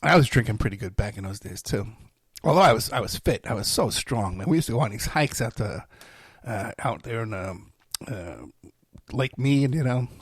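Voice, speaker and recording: A man's voice: fairly low pitch, husky, no room sound, studio quality. A man telling personal stories in a rambling, casual way, laughing between lines and using many fillers. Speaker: storyteller. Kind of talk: casual storytelling.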